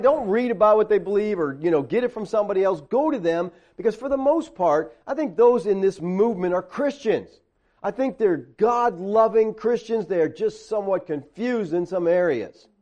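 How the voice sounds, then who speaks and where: A man preaching in a conversational teaching style, animated, tossing sarcastic asides and questions to his listeners. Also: high-pitched.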